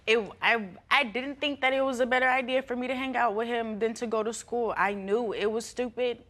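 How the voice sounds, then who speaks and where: A woman's voice: on the high side, fairly even intonation, fairly quick, fairly bright tone. Young woman chattering through her complaints. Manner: chatty, heavy use of "like". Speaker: litigant. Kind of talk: casual testimony on a TV court show.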